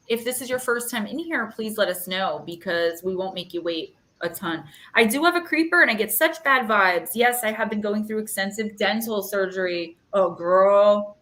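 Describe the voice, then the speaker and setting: A woman's voice: medium pitch, moderate pace, few pauses, a bit bright. A woman in her thirties giving chatty, rambling card readings on a live stream in an echoey room. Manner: chatty and rambling, fillers, emotional. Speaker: intuitive card reader.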